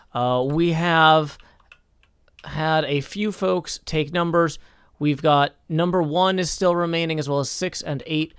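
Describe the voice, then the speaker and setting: A man hosting a livestream, speaking in a measured, mock-formal way, like a judge holding court. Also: on the high side, gravelly, clear, resonant tone, no room sound. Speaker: streamer hosting a game server. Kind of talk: casual livestream chat.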